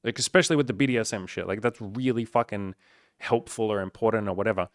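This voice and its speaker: A man's voice: fairly low pitch, fast, no room sound, studio quality. A man, a dating coach talking casually and frankly to camera, swearing freely and filling his talk with casual filler words.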